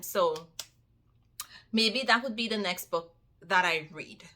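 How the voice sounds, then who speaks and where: A woman book vlogger chatting to her viewers, animated and repeating phrases for emphasis. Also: medium pitch, slow, pauses often. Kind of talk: casual chat to camera.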